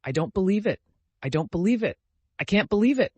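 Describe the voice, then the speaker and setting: Guy doing an upset noblewoman begging, higher pitched and pushy, audiobook. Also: expressive, normal speed, no echo. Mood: pleading. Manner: emotional, imploring, raised pitch. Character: distraught pleading noblewoman, warm-hearted friend.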